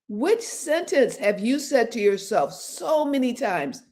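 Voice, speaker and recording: Brief: older woman host, higher voice with lots of swing, acts out inner voices, quick to laugh. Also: sing-song, mellow. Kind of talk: casual motivational talk.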